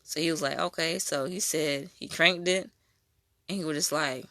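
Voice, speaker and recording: A young adult woman giving a casual spoken faith testimony, telling her story in an animated way. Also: sits low, moderate pace, no echo. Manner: animated storytelling, acting out quoted voices.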